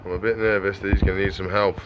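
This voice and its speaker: A man's voice: low voice, level tone, very fast, dull audio, noisy background. A man running a reptile shop, chatting casually on camera and talking to his animals. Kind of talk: casual vlog chat.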